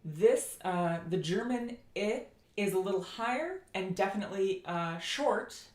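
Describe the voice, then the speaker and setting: Slow-paced woman teaching vowel sounds. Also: medium pitch, lively intonation, reverberant. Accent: American. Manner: explanatory, demonstrates vowel sounds slowly. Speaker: language teacher. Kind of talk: phonetics lecture.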